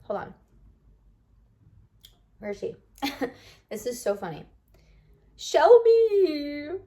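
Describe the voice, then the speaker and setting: Over a noisy background, a bubbly lifestyle vlogger chats casually and animatedly straight to her viewers. Her voice is medium-pitched and she takes things slowly.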